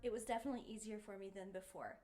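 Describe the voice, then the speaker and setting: A woman's voice: mid-range voice, fairly even intonation, very fast, mellow, faint music behind. A woman giving a singing lesson, encouraging her students and showing them the sounds with sung vowels. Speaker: voice teacher.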